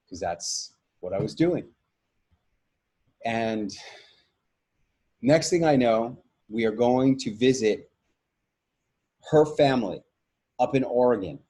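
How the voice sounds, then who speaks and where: A middle-aged man hosts a webinar, telling a candid personal story that rambles as he keeps correcting himself. His voice is mid-range, husky, and somewhat dark in tone.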